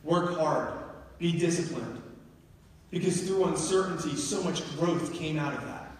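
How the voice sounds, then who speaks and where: A man's voice: fairly high pitch, unhurried. A man from New Jersey giving a motivational keynote speech, telling personal stories emphatically to a live audience in a large university hall. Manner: emphatic storytelling, building to urgent peaks. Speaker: keynote speaker. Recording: echoey hall, heard from far off.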